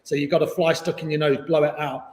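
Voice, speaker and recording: A man's voice: on the high side, little pitch movement, quick pace, a little mellow. A man teaching a yoga class online, chatty and encouraging, with jokes about himself. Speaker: yoga instructor. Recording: echoey room with long reverb.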